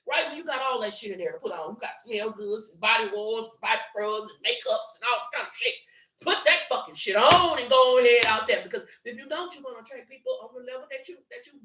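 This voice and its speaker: A woman's voice: a little high, fast, pushed and bright, reverberant. A woman with a South Louisiana Southern drawl giving a blunt, profane, preachy tarot reading. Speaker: tarot reader. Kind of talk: solo tarot reading monologue.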